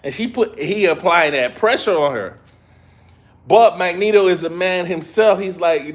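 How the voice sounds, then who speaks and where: Excitable slangy man reviewing a show. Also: sits high, unhurried. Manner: excitable, slangy retelling of scenes. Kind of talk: casual live episode review.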